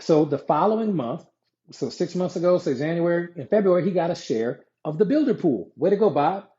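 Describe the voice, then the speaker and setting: A man giving a conversational live-streamed sales pitch, repeating himself and answering viewer comments as he explains a pay plan. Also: lively intonation, a little fast, warm tone. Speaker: network marketing presenter. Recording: dull lo-fi sound.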